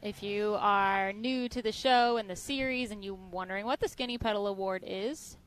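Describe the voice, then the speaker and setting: A woman from Tennessee co-commentating a live off-road race, bubbly, with quick asides. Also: medium pitch.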